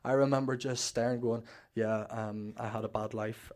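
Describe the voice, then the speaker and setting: Flat-voiced Northern Irish young man. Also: medium pitch, moderate pace. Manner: candid storytelling, acting out quoted dialogue. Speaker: church testimony speaker. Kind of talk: personal testimony.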